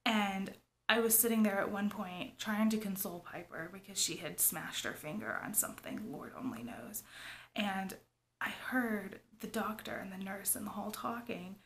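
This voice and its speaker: A woman's voice: mid-range voice, expressive, normal speed, a bit bright, a little hiss or hum. A woman, talking to her viewers in a rambling, confiding way, often dropping to a whisper. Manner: rambling, confiding, lots of "like" and "you guys", often drops to a whisper. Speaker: family vlogger. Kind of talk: confessional vlog talk.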